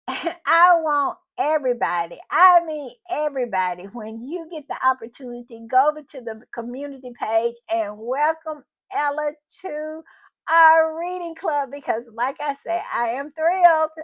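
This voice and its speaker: Effusive slow-talking woman host. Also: sits high, expressive, a bit bright, highs cut off. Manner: effusive, repeats thanks, drawn-out emphatic phrasing. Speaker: channel host. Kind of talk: casual chat.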